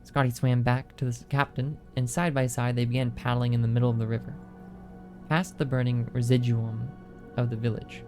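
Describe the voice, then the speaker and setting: A man's voice: mid-range voice, little pitch movement, fairly quick, music in the background. A man streaming a game and reading an in-game book aloud, with small slips, corrections and muttered asides.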